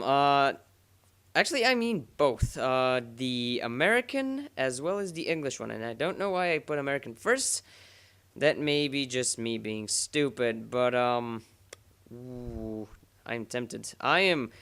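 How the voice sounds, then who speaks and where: A man's voice: medium pitch, pushed and bright, clean tone. A man giving let's-play commentary over a racing game, rambling and joking at his own expense. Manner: rambling, self-mocking, jokey.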